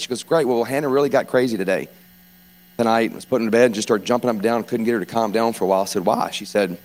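A man in his forties from South Louisiana with a South Louisiana accent, preaching an informal, joking sermon as a guest preacher and clearing his throat often. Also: mid-range voice. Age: 40s.

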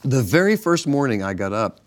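A man's voice: mid-range voice, fairly quick. Man telling stories on a ministry broadcast. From northern United States. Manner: relaxed storytelling with restarts and chuckles. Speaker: pastor and co-host. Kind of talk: casual ministry broadcast chat.

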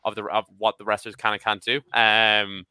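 A man of about thirty chatting as a podcast panelist, excitable and swearing casually. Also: lowish voice, moderate pace, clean tone, no echo. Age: 30s. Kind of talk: casual chat.

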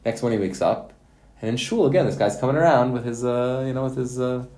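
A man teaching a Torah lesson to yeshiva students, telling stories in a lively, folksy way with Hebrew and Yiddish words. His voice sits at an ordinary middle pitch, and the sound rings in a roomy space. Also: fast talker. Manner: animated, folksy storytelling with Hebrew and Yiddish terms. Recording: roomy echo.

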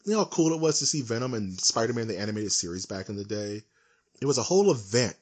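A man co-hosting a casual podcast, ranting in an animated, emphatic way. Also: on the low side, fast talker. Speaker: podcast co-host. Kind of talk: casual chat.

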